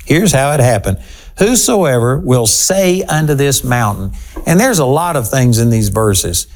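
Preacher guy giving a sermon, voice jumps all over, leans hard on words and acts out the quotes. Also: medium pitch. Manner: animated, acts out quoted lines with shifting inflection; emphatic, slows down to stress key words.

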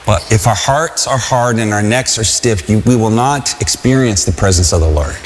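A man preaching a sermon in an earnest, conversational way, at times crying out loudly and at times stumbling over restarts. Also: lowish voice, a little hiss or hum. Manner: earnest, conversational, with shouted cries and halting restarts. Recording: long hall reverb.

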